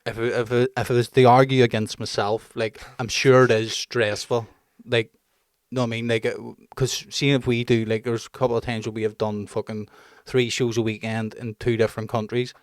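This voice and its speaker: A man's voice: mid-range voice, little pitch movement, a little fast, few pauses, no room sound, clean studio sound. Blunt man ranting. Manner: sweary, rants in a blunt way. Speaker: podcast co-host. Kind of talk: casual chat.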